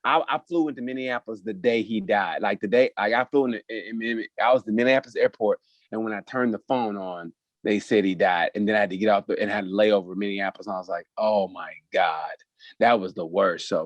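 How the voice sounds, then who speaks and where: A podcast co-host from Oklahoma, USA, tells stories in casual, profane chat, animated throughout. His voice is fairly low and quick-paced, and the recording is dry with dull audio.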